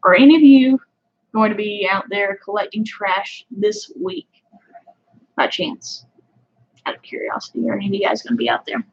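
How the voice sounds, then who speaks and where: A woman's voice: medium pitch, sing-song, moderate pace, creaky, pauses often, slightly rough, muffled recording. A woman with a Southern US country accent hosting a casual livestream, chatting with viewers in a rambling way full of fillers. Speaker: fishing channel host.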